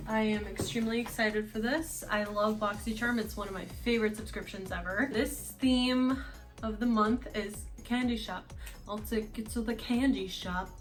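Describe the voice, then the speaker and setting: A woman with a Russian accent chatting casually through a makeup box unboxing, rambling with lots of fillers. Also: fairly high pitch. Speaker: beauty vlogger.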